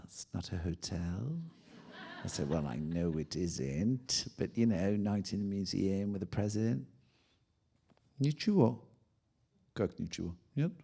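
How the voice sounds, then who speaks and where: A middle-aged man with a French accent tells a personal anecdote, his voice sitting a little low. He acts out what people said and lets his delivery swell as the story builds. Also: creaky. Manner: animated anecdote telling with acted-out quotes. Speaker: guest. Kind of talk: conversational storytelling.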